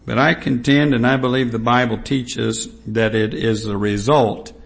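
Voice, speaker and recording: A man preaching a sermon, reading scripture aloud and stressing points slowly and emphatically with repetition. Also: medium pitch, fairly even intonation, creaky.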